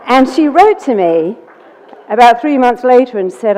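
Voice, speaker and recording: A woman hypnotherapist telling a client story in an animated way, acting out both sides of the dialogue. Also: a little high, moderate pace. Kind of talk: storytelling talk. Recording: dull audio in a reverberant hall.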